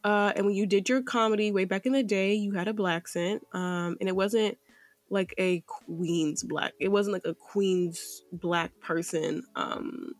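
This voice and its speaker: A woman's voice: mid-range voice, fairly even intonation, unhurried, dry recording. A woman co-hosting a podcast roundtable, asking pointed rhetorical questions in a critical way. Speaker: podcast co-host. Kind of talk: casual roundtable chat.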